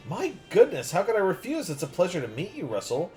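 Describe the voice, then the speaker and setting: A man's voice: high-pitched, wildly swooping pitch, brisk, a little mellow, faint music behind, pitched above the performer's own voice. A man voicing a polite, conflict-averse lady who loves birds, prim and gushing. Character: polite, bird-loving middle-aged lady.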